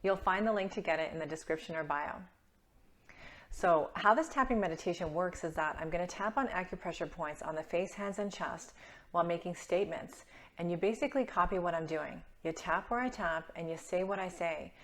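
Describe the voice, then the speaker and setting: A woman wellness coach leading a tapping meditation, speaking calmly and gently, with slow, deliberate statements for the listener to repeat. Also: on the low side. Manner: calm, gentle and encouraging, slowing down for statements to repeat. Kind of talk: guided meditation instruction.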